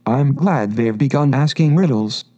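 A man's voice: mid-range voice, normal speed, mellow, muffled recording, close to an everyday voice. A man voicing a curious, polite young girl in a storybook reading, earnest and a little indignant.

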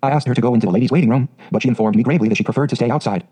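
A man reading aloud and voicing a brisk, careless country station master who talks in an offhand way. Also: mid-range voice, warm tone, husky, lightly acted.

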